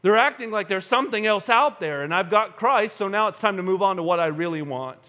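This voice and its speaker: A man preaching a sermon to a congregation in a church, animated and humorous, acting out everyday scenes. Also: sits high, fairly quick. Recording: long hall reverb.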